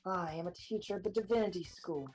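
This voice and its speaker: A woman voicing a female teacher who turns out to be a war robot, read in a calm, measured way. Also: fairly low pitch, faint music behind, close to an everyday voice, low-quality recording. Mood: pleading.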